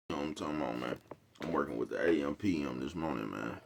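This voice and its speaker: A man with a very low voice talks straight to his audience in a casual, meandering monologue. He is slangy and profane, laughs softly between thoughts, and keeps checking in with the same repeated phrase. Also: quick pace, vocal fry. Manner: repeats a catchphrase, chuckles often, slangy and profane. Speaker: YouTube host. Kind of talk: casual rambling monologue to viewers.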